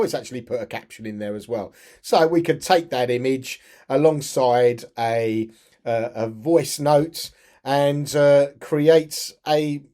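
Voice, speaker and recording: A man narrates a software walkthrough for teachers. He talks in a casual, step-by-step way and often restarts his sentences. His voice sits at an ordinary mid pitch. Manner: chatty, step-by-step, frequent restarts. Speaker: tutorial presenter for teachers. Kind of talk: screen-share tutorial narration.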